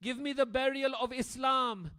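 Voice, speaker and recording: A man voicing a noble condemned man who speaks in quiet despair and in loud, impassioned pleas. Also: a little high, lively intonation, measured pace. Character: noble man, calm then pleading.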